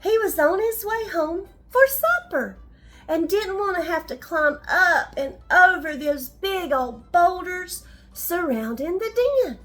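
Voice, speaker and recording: An older woman telling a bedtime story to children, gently asking them questions along the way. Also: very high voice, animated, slow, soft background music.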